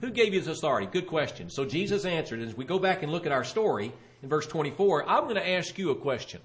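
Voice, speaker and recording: A man's voice: fairly high pitch, fast talker. Guy preaching a sermon, acts out the questioners, voice jumps all over. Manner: animated storytelling, voicing the questioners.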